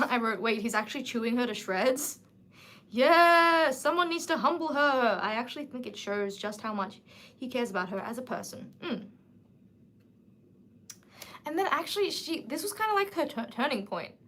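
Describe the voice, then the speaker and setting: A woman in her twenties hosting a casual livestream book chat, animated and emphatic. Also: high voice, moderate pace. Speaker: livestream host.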